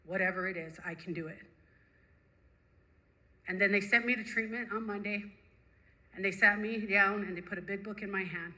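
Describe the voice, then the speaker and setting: A woman sharing her personal recovery story with a group, animated and emphatic, repeating phrases for effect. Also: medium pitch, normal speed, long pauses, poor audio. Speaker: recovery meeting speaker.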